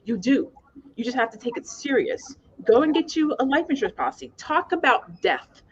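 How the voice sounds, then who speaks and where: A woman's voice: high voice, very animated, moderate pace, slight background noise. Earnest woman host, dull lo-fi sound. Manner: earnest, emphatic, repetitive exhortations. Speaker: podcast host. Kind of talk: panel discussion.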